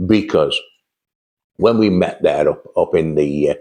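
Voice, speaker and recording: A man's voice: deep voice, a little slow, darkish tone. An older man telling rambling, chatty anecdotes about his early sales days. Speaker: host telling sales stories. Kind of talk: casual storytelling monologue.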